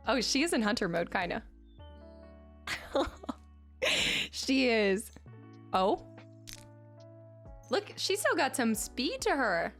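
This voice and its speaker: Giggly, excitable woman streamer. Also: fairly high pitch, slow, long pauses. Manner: excitable and giggly, cooing to her cat. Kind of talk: casual live-stream chat. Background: faint film music.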